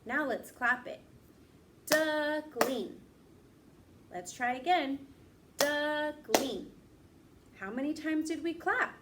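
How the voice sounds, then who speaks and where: A woman teaching young children, slowly stretching out words and encouraging them to repeat. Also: high voice, expressive, very noisy. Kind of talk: classroom lesson for young children.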